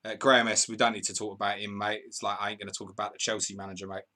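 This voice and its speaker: Man, live stream host, chatty and bantering, lowish voice, bright and forceful tone. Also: level tone, very fast. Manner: chatty, banters with viewers, laughs often. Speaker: podcast host. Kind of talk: live stream commentary reading chat.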